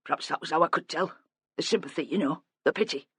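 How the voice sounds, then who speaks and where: A subdued, plain-spoken older father, as a narrator voices him, weighed down by guilt and pausing as he remembers. The voice sits lower and softer than the narration, close and dry. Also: slightly rough, no echo. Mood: guilty. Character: grieving older father, quiet and guilt-ridden.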